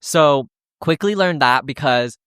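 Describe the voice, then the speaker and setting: An unhurried, smooth mid-range voice belongs to a podcast host telling a hiking story in casual conversation. He's animated, voices each person's lines and swears freely, all in clean studio sound without echo.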